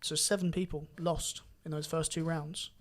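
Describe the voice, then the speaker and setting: A young man telling his story in a casual podcast chat, animated and swearing now and then. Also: on the high side, moderate pace. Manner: animated, rising loud when excited, swears casually. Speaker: podcast guest karate champion.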